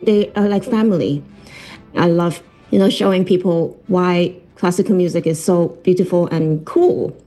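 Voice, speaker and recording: Woman conductor from Hong Kong, low mellow voice, earnest, filler-heavy interview answers, faint music behind. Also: fairly even intonation, moderate pace. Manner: earnest, lots of fillers, laughs while telling stories. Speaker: orchestra conductor. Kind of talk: broadcast interview.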